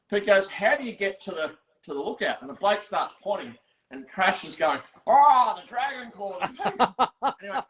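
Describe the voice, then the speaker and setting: A fairly high-voiced Australian man chats and spins stories as the host of a relaxed workshop catch-up. He restarts his sentences often and laughs easily. The sound is dull and lo-fi, like a video call. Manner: chatty storyteller, quick and laughing, many restarts. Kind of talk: casual chat. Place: home workshop.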